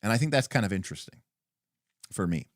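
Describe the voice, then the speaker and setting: A man's voice: lowish voice, sing-song, fast, no echo, studio quality. A man hosting a casual livestream, thinking aloud about a tabletop rulebook in a rambling way full of fillers. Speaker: stream host.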